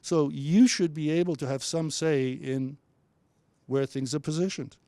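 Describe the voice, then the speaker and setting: A man leads a university workshop, coaching listeners on how to present. His voice is mellow and relaxed, the sound dry and close. He often stumbles and restarts his sentences. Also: on the high side, measured pace, dry recording. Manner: coaching, with frequent restarts and stammers. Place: lecture room at a university.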